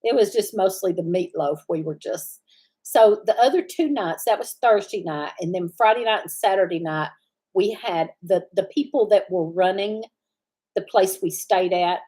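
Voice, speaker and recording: A woman, hosting a live stream and telling a rambling story in a relaxed, chatty way. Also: medium pitch, normal speed, breathy edge. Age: 60s. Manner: chatty, meandering, laughs easily. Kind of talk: casual storytelling chat.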